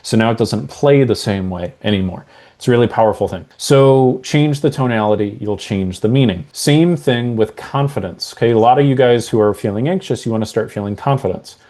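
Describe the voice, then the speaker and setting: A male mental health coach with a warm, mellow voice, talking earnestly to the camera. He explains ideas step by step and acts out different phrasings to show his point. His pitch sits in an ordinary middle range. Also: fairly quick.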